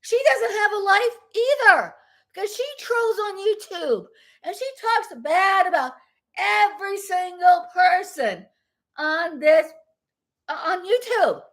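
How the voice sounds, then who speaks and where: A woman's voice: very high-pitched, slow, a bit bright. A woman ranting in a casual vlog from home, blunt and heated, with mild swearing, rambling and repeating herself. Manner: rambling and repetitive. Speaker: vlogger.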